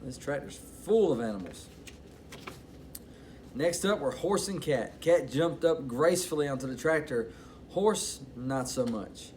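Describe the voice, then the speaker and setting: A man's voice: mid-range voice, unhurried, a little hiss or hum. Man reading a children's bedtime story. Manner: expressive, bedtime-story delivery. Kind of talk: children's picture-book read-aloud.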